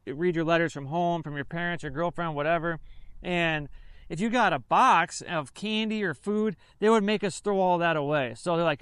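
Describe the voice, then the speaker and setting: High-voiced man telling a rambling story. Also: a bit bright, clear, resonant tone, no room sound. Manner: rambling, filler-heavy, self-correcting. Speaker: army veteran vlogger. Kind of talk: casual storytelling.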